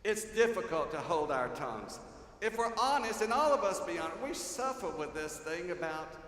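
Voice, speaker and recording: An older man preaching a sermon as pastor, telling stories and swinging from loud to hushed. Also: high voice, big pitch swings, moderate pace. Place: large church sanctuary. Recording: echoey hall, faint ambience.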